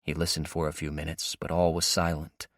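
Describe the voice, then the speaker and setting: A man reading an audiobook in a steady, even storytelling manner. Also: a bass voice, a little fast, no echo, clean studio sound. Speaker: audiobook narrator. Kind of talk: scripted audiobook narration.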